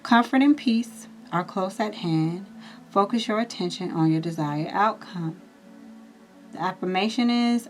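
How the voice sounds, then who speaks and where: A woman's voice: mid-range voice, normal speed, a little mellow, soft background music. Chatty woman giving a tarot reading. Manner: chatty, reassuring, addresses viewers directly. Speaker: tarot reader. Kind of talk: casual astrology reading.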